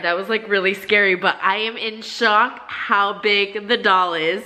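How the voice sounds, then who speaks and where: Young woman vlogging, rambly and emotional, lots of likes and you-knows, mid-pitched. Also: measured pace, hardly any pauses. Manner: rambling and emotional, full of fillers; gushing and gasping with excitement. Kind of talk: casual vlog chat.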